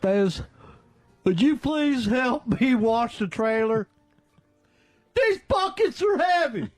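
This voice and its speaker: A man's voice: very high-pitched, lively intonation, slow, soft background music, voice pushed up, exaggerated voice. A radio host voicing a crude, goofy southern redneck man with a put-on Southern accent, wooing in a sing-song way during a comedy radio bit. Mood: lovesick. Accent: put-on American Southern.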